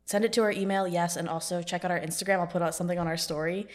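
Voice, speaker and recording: A young woman co-hosting a podcast in casual chat, teasing and quick to laugh. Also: on the low side, steady tone. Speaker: podcast co-host.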